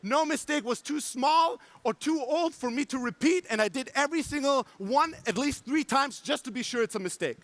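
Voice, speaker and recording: German-accented guy, really high voice, storytelling on stage, swears a lot, dry mic. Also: normal speed, few pauses, dry recording. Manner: animated, acts out quotes, swears for emphasis. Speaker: conference speaker. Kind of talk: energetic storytelling talk. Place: conference stage before an audience.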